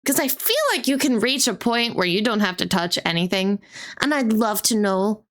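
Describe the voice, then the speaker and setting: A young woman streamer chatting casually while reacting to a video, giggly and full of quick interjections. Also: medium pitch, fairly bright tone.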